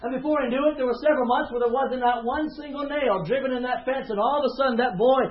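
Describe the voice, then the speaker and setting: A man's voice: very high-pitched, fast. A male pastor preaching a sermon with passion, often repeating words and rising in volume as he builds his points. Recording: roomy, slightly dull sound.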